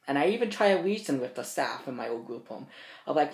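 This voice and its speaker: An eighteen-year-old man vlogging from his bedroom, telling stories in a rambling, profane, animated way. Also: mid-range voice, fast. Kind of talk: casual storytelling to camera. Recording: roomy bedroom echo.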